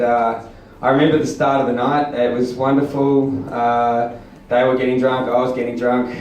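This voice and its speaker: A man's voice: medium pitch, a little mellow, slight background noise. Man, stand-up comic, rambling and crude, very echoey room, distant camera. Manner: rambling, many ums and uhs, crude and self-mocking. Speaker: stand-up comedian. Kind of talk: stand-up storytelling. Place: small comedy venue, audience laughing. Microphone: far camera. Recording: echoey room, taped from far off.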